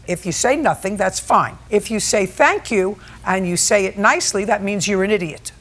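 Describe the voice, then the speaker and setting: A woman's voice: medium pitch, moderate pace, a bit bright. A woman in her seventies presiding as a television court judge, questioning bluntly with a sarcastic, scolding edge. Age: 70s. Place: TV courtroom set.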